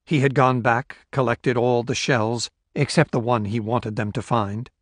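A man narrating a novel aloud in a measured, even storytelling manner. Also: mid-range voice, no echo, studio quality. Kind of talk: audiobook narration.

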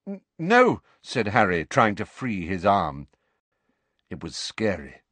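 Slow, expressive male audiobook narrator. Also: low-pitched, no echo. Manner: expressive, dramatic.

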